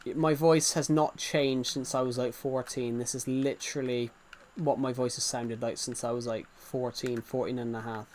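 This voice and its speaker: A man's voice: medium pitch, level tone, moderate pace, hardly any pauses, a little mellow, slight background noise. A man live-streaming a game, chatting casually and reassuring viewers, often repeating himself. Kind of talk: casual live-stream chat while gaming.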